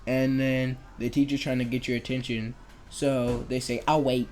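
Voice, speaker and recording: A man's voice: medium pitch, level tone, moderate pace, darkish tone, slight background noise. A young man telling comedic school stories in a chatty, sarcastic way, acting out the people he quotes. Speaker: animation storyteller. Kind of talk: comedic storytelling.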